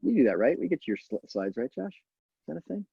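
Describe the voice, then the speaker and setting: A man's voice: on the high side, very animated, a little fast, gravelly, husky, no room sound, narrow, tinny audio. A man hosting a live online event from home, casual and chatty with lots of fillers and laughs. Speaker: host. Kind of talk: casual live-stream chat.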